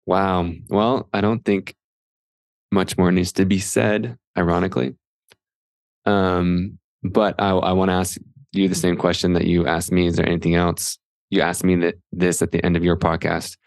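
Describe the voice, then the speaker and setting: A man's voice: deep voice, level tone, normal speed, no echo, studio quality. A man hosting a podcast, chatting with enthusiasm and rambling with many fillers. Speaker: podcast host. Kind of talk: casual podcast interview.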